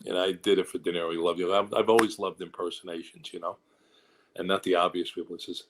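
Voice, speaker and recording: Man with a low voice, an actor guest, animated anecdotes, rambling asides, quick impressions of others. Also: slight background noise. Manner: animated storyteller who slips into quoted voices. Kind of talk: candid career interview.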